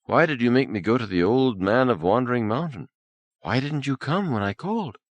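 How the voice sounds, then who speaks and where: A man voicing a gentle, childlike young empress in a storybook, speaking softly with a lilting, raised pitch. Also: animated, fairly quick, dry recording, muffled recording, close to an everyday voice.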